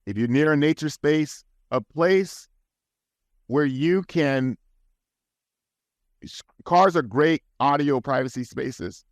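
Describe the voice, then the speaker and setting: A man's voice: fairly high pitch, slow pace, pauses often, no echo. A man guest on a podcast, talking in an earnest, advising way with frequent restarts, recorded in a studio. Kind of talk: casual podcast talk.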